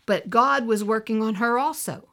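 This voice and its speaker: A woman shares a personal testimony in sermon form. Her voice sits a little high, with a gravelly fry running through it. She tells the story earnestly and acts out the voices of the people in it. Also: normal speed, a bit bright. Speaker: minister.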